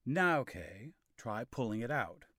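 A man voicing Sir Hector, a dignified older knight and father in a storybook reading, speaking calmly and in measured tones. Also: mid-range voice, no room sound, studio quality, heavily acted. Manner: calm and measured.

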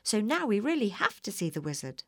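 In a storybook, a woman performs a brave, earnest little girl, pitching her medium voice above her own natural register. She's very animated and fairly quick, and the studio-quality recording has no room sound.

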